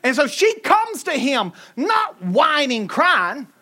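Southern-accented woman preacher, humorous and emphatic sermon delivery, very animated pitch. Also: slow. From Southern United States. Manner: animated, humorous, emphatic, swings between loud and soft.

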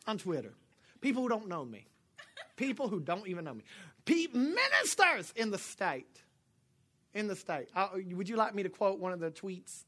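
A middle-aged man preaching a sermon as pastor, joking with the congregation and swinging from quiet asides to loud shouts. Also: sits high, wildly swooping pitch, moderate pace, slightly rough.

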